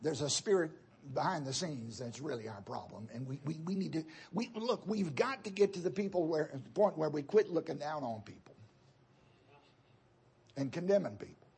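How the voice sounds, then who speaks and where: A male preacher with a very raspy, husky voice that sits fairly high. He delivers a sermon in a chatty, repetitive way, speaking directly to the congregation. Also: lively intonation, normal speed, darkish tone.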